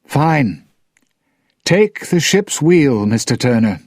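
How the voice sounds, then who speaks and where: A man's voice: medium pitch, big pitch swings, slow, a little mellow, no room sound, clean studio sound, voice pushed up. A man doing a solemn young sea captain.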